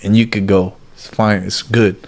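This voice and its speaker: A man's voice: fairly low pitch, moderate pace, creaky. A man as an interview guest, talking in casual street slang, bluntly and animatedly, dropping "bro" and "like" all the time. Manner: animated storytelling, acts out quotes.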